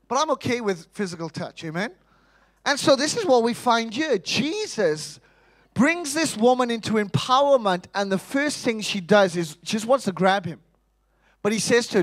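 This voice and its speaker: A man preaching a sermon in church, animated, asking rhetorical questions and acting out quotes. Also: very high voice, normal speed.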